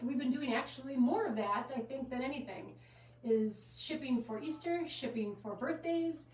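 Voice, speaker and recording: A woman with a slightly high voice hosts a live sale from inside her gift shop. She chats casually, giggles and drifts off on side topics as she shows items. Her voice echoes around the room and sits a little far from the mic, over faint background noise. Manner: chatty, giggly, goes off on tangents. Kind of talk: casual live-stream product showcase. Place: inside a small gift shop with a trickling fountain.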